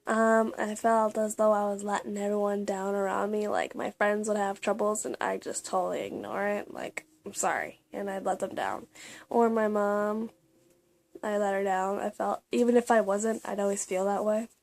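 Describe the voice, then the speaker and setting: A young woman vlogging about her personal journal in a confessional, halting way, with many fillers and restarts. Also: mid-range voice, gravelly, a little mellow. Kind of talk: casual personal vlog.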